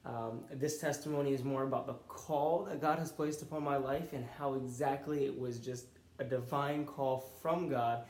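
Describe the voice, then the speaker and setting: A man's voice: mid-range voice, fairly even intonation, moderate pace, a little mellow. Earnest young man, roomy echo. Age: young adult. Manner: earnest, conversational storytelling. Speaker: college student and youth pastor. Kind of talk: personal faith testimony.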